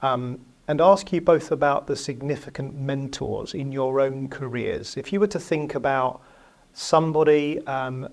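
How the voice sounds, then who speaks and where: A man with a mid-range voice moderates an interview. He asks probing questions in a measured, careful way. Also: mid-range voice, gravelly, darkish tone. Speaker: interviewer, host.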